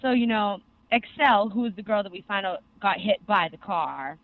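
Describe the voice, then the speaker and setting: A young adult co-host excitedly rambling through an anime recap in casual podcast chat, full of fillers. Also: mid-range voice, moderate pace. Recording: tinny phone-like sound.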